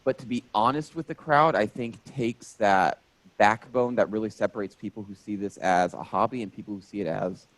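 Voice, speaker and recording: A man in his thirties, a stand-up comedian telling stories in a casual interview, animated and jokey. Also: fairly low pitch, normal speed, dry recording, low-quality recording. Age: 30s.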